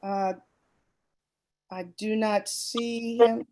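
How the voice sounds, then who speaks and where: A woman moderating an online town hall over a video call, introducing the speakers in a friendly, unhurried way. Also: on the high side, steady tone, dark tone.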